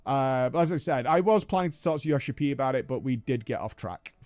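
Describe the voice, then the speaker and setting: A man's voice: medium pitch, expressive, fast, a little mellow, no room sound, clean studio sound. A man casually reporting on a game press event, chatty and hedging, with frequent fillers. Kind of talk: casual video commentary.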